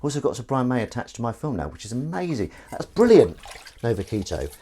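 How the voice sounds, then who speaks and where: A man's voice: mid-range voice, very animated, quick pace, a little mellow, slightly rough. A man chatting casually on a live stream while washing up, rambling, joking and swearing freely.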